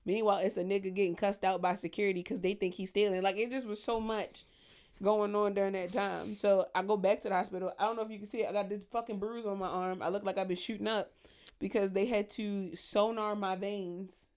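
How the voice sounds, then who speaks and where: This brisk woman co-hosts a podcast and chats casually, swearing freely and using plenty of slang. She's an animated storyteller who acts out gossip in high, mocking voices.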